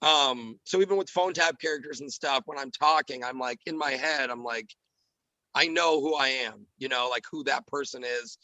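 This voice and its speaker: A man's voice: medium pitch, sharp tone, dry recording, poor audio. A man guesting on a podcast, chatting casually and a little giggly, with lots of fillers. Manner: giggly, talks fast with many fillers. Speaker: podcast guest, radio show comedian.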